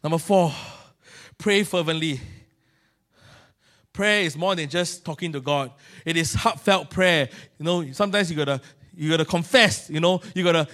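A middle-aged man with a Singaporean English accent preaching a sermon, telling a story with animated swings in loudness and Singlish particles. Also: high voice.

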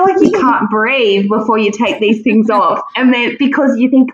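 A woman's voice: on the high side, fairly quick, few pauses, dull audio. An Australian woman, a country hospital nurse, chatting candidly, swearing freely and laughing often. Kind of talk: casual chat.

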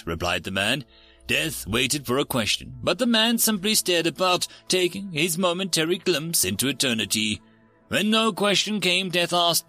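A man narrating stories in a theatrical, expressive scripted reading. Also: mid-range voice, moderate pace, faint music behind. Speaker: story narrator.

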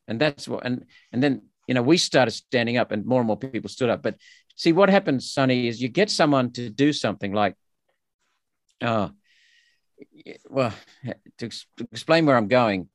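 A man's voice: mid-range voice, dry recording, clean studio sound. An Australian man speaking as a politician guest in a podcast interview, emphatic and indignant with frequent restarts.

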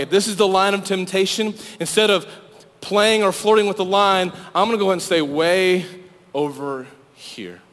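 A man preaching a sermon to students, urging loudly and then dropping to hushed pleading. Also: sits high. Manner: fervent, swings from loud urging to hushed pleading. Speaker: youth pastor. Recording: long hall reverb.

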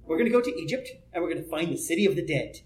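A man's voice: a little high, expressive, racing, darkish tone. A man giving a conversational workshop talk on building role-play personas, rambling with frequent asides and chuckles. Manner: rambling, chuckling, many "you know" asides. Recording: echoey room.

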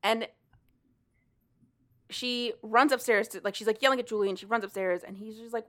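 A woman co-hosting a casual podcast rambles through a recap of a story, stuffing it with "like" and frequent restarts. Her voice is fairly high and a bit bright, with fairly even intonation, a moderate pace, and frequent pauses.

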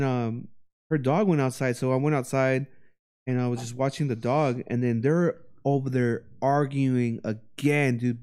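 A young man telling a story in casual chat, laid-back and swearing freely. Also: medium pitch. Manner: laid-back storytelling, swears a lot, acts out quotes loudly.

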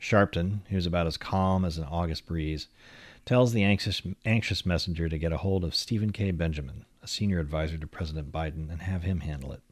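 A man with a low, deep voice reads a long magazine feature aloud. His delivery is measured and literary, carrying the story along at an even storytelling pace. The sound is dry and close, with no room echo. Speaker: narrator.

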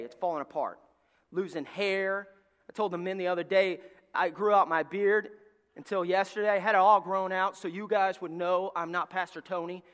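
Middle-aged pastor, storytelling sermon, high bright voice, long hall reverb. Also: male voice. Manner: storytelling preacher, swings from shouting to near-whispers.

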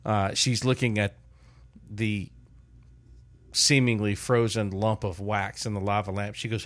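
An older man in casual chat, telling a lively family story as podcast host. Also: fairly low pitch, a little slow, long pauses. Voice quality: animated storyteller, loud put-on shouts in quotes.

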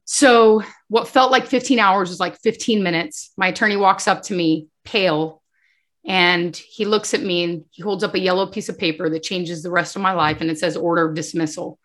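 A woman with a fairly low voice, talking at normal speed, offers an emotional faith testimony as a guest. She is an animated storyteller who acts out the dialogue and often speaks directly to the host.

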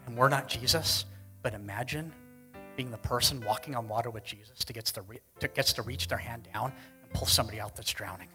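A man preaching a sermon to a congregation, earnest, pushing some lines out loudly and dropping others to a hush. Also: medium pitch, low-quality recording. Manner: earnest, swings between loud emphasis and hushed lines. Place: church hall with congregation.

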